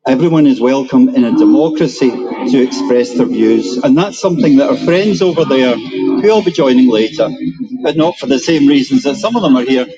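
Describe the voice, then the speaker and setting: A Scottish man giving an animated, emphatic speech at an outdoor rally. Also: medium pitch, moderate pace, dull audio, over music. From Scotland. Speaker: rally speaker.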